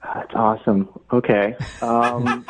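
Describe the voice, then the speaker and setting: A man's voice: mid-range voice, level tone, slow, music in the background. A man taking a surprise call from a radio show, hesitant and puzzled at first. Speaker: caller on the phone. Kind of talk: phone conversation. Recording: tinny phone line.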